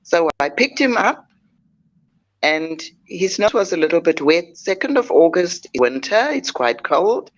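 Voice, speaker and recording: An older woman, a guest telling a personal story in a measured, heartfelt way with frequent pauses. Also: lowish voice, big pitch swings, dull audio. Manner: measured, heartfelt, pausing often.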